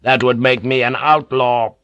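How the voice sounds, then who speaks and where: A proud samurai lord speaks in a commanding, hot-tempered way, as a narrator puts him on. The voice sits a bit high and loud. The sound is dry and close. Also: male voice, fairly even intonation, clear, resonant tone, no room sound, lo-fi sound, lightly acted. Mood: angry. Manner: commanding, quick to anger. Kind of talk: audiobook character reading.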